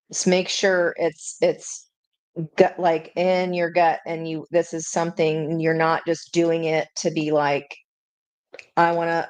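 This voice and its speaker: Slow, chatty woman reading tarot. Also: on the low side, dry recording. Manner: chatty, intuitive, laughs and exclaims often. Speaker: tarot reader. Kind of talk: live-stream tarot reading.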